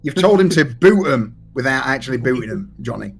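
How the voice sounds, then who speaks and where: A man's voice: medium pitch, lively intonation, brisk. A man playing a tabletop role-playing game, bantering and joking with the table. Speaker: player. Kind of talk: casual tabletop play.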